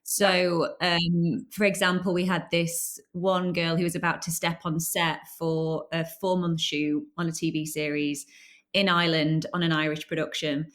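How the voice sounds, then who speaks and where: Chatty woman guest, lowish voice. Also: little pitch movement, measured pace, a bit bright. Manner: enthusiastic, chatty storytelling. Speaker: guest, actor and company founder. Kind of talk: casual interview chat.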